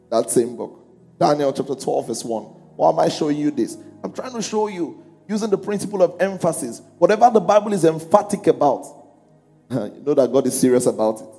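Music sits beneath the long echo of the church hall as this pastor delivers his sermon in a mellow, slightly high voice. He poses questions to the congregation and raises his voice to read scripture while they follow along.

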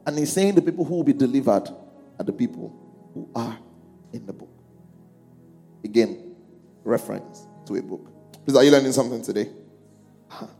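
A man's voice: mid-range voice, normal speed, creaky, pauses often, warm tone. A man preaching a sermon in a church, calling out questions to the congregation and lifting his voice to read scripture aloud. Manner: calls out questions to the congregation, lifts his voice when reading scripture. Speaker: pastor. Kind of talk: sermon with congregation reading along. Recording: music under a long echoing hall.

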